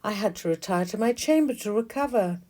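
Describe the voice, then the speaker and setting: A woman's voice: mid-range voice, lively intonation, a little fast, mellow, natural voice. A woman voicing a vain, fussy queen bee who is grand and motherly, with a theatrical, exclaiming manner.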